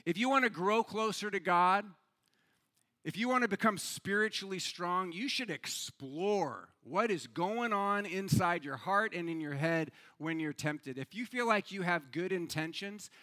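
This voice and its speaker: A man's voice: high voice, a little slow. A man preaching a sermon as pastor, telling a joke story with rising energy and talking conversationally with some stumbles and repeats. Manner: lively storyteller, builds to loud excitement in anecdotes.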